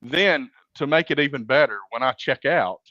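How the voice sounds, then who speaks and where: A man's voice: mid-range voice, normal speed, pushed and bright, no echo. Rambling man with a muffled sound. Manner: rambling storyteller with many fillers and restarts. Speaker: podcast co-host. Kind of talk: casual chat.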